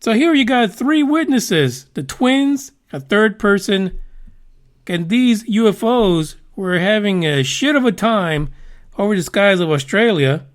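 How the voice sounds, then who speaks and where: A man's voice: high-pitched, expressive, measured pace. A man hosting a podcast, chatting casually about news with rambling, profane, wisecracking asides. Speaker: podcast host.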